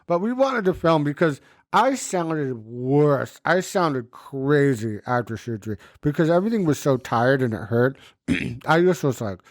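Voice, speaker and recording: A man's voice: mid-range voice, a little slow, no room sound, clean studio sound. A man co-hosting a podcast in casual comedic chat, telling stories with lots of swearing and acted-out voices. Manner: animated storytelling, swearing, acting out quoted voices. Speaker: podcast co-host.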